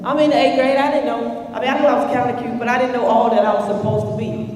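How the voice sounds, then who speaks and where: A woman's voice: on the high side, steady tone, fast talker, darkish tone, slight background noise. A woman telling a playful, joking story while speaking to students. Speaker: motivational speaker. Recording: echoey hall from far off.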